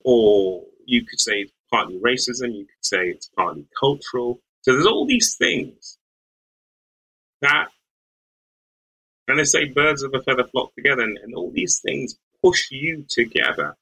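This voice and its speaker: Speaking a little slowly in a mid-range, bright, forceful and husky voice, this middle-aged West Midlands lawyer reflects on his youth as a podcast guest. The recording is rough. His interview storytelling is thoughtful and searching, with frequent restarts and soft laughs.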